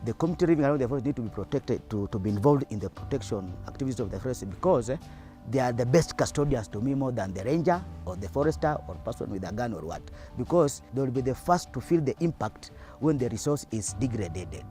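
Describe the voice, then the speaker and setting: A man with a mid-range voice talks in a documentary interview. He speaks haltingly and often restarts his phrases. Light music sits beneath him. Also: medium pitch, animated, mellow.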